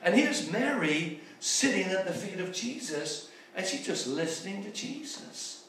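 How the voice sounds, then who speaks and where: A man's voice: high-pitched, sing-song, a little slow, fairly bright tone. A man preaching a sermon, retelling Bible stories with rhetorical questions and frequent restarts. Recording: echoey room from far off, faint background noise.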